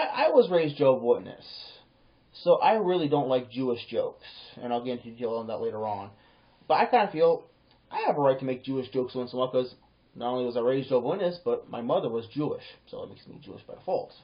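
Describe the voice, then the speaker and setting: A man telling a personal story to camera in a casual, rambling way, often repeating words and acting out the back-and-forth of conversations. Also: mid-range voice. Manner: rambling, repeats words, acts out quoted exchanges. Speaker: vlogger. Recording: dull lo-fi home recording.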